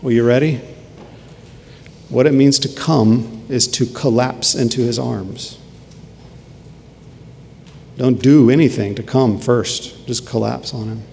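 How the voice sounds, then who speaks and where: A man preaches with earnest emphasis and returns to key phrases again and again. His mid-pitched voice carries a long reverb tail, and faint ambient noise sits behind it, as in a church sanctuary. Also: steady tone, slow, creaky, long pauses, a little mellow. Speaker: pastor. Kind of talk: sermon.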